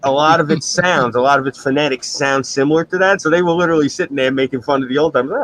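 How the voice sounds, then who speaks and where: A middle-aged man, hosting a stream with crude, animated storytelling. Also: on the high side, fast, hardly any pauses, rough recording. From New York. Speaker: stream host. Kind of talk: casual profane chat.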